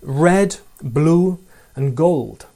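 A man preaching a sermon in a mellow, warm voice, set a little higher than most men's. He talks earnestly and often puts rhetorical questions to his listeners. Between them he reads passages of scripture aloud. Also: expressive, very slow, creaky.

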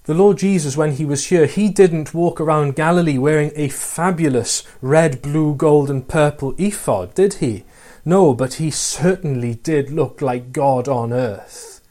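Earnest male preacher, mellow voice. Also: on the high side, unhurried. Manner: earnest, asks rhetorical questions, reads scripture aloud. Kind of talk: sermon.

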